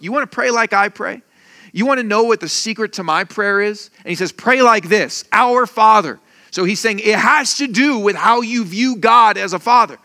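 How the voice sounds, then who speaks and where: Casting: male pastor, high bright voice, lively sermon delivery with playful asides. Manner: animated, acts out quoted voices, jokey asides.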